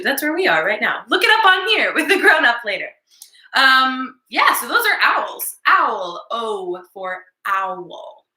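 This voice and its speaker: Lively, bright-voiced preschool teacher woman. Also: sits high, reverberant. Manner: animated, sing-song, playful with children. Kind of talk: virtual circle time lesson for young children.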